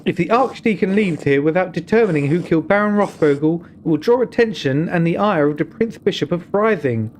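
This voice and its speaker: A grave, solemn mother superior in a video game, warning in a measured British voice pitched well above a man's own, put on by a male streamer. The tone stays stern and careful throughout. A faint hiss sits under the recording. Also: expressive, darkish tone.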